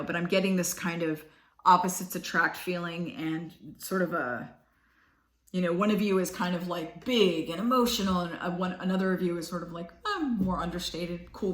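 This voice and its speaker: A woman's voice: lowish voice, fairly bright tone. A middle-aged woman giving a casual tarot reading, meandering and chatty, trailing off and starting over. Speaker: tarot reader. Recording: echoey room.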